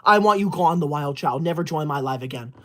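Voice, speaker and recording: A man's lightly acted voice runs a little high, animated and a little fast. The comedy skit casts him as a self-righteous, touchy teacher's-pet boy streamer, indignant as he scolds and bans viewers in melodramatic outbursts.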